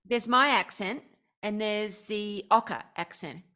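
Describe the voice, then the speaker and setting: A woman's voice: mid-range voice, measured pace, sharp tone. A woman from Australia with an Australian accent, chatting as an interview guest, bubbly and enthusiastic, laughing often. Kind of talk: casual interview chat.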